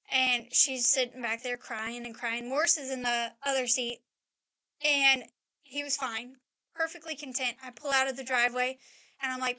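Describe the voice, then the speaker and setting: A mother in her thirties who co-hosts a podcast chats casually, telling a rambling personal story packed with "like." Her high voice sounds pushed and bright, with fairly even intonation and a moderate pace.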